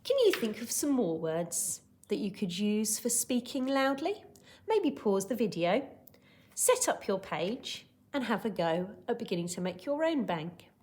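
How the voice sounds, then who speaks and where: A woman teaching young children in a recorded lesson, her pitch leaping up and down as she acts out shouting, whispering and gasping. She keeps an encouraging, patient tone throughout. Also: sing-song, measured pace. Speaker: primary school teacher.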